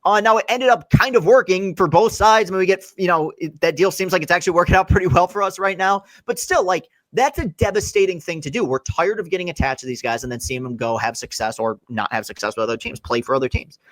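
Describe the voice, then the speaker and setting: A man's voice: a little high, fast talker, few pauses, dry recording. A man hosting a solo sports podcast, talking casually and getting worked up, often repeating and restarting words. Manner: animated, repeats words and restarts when heated.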